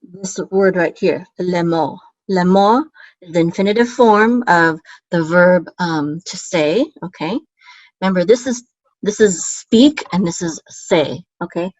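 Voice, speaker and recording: A woman teaching a relaxed online language lesson, explaining patiently and often checking in with "okay?". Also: lowish voice, measured pace, no room sound. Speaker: Biblical Hebrew teacher. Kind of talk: casual screen-share lesson. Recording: dull, dry lo-fi sound.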